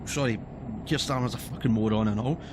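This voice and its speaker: A man's voice: mid-range voice, brisk, background noise. A man from Scotland with a Scottish accent, ranting in a casual, heated and sweary way as he streams a game. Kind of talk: casual ranting commentary while playing.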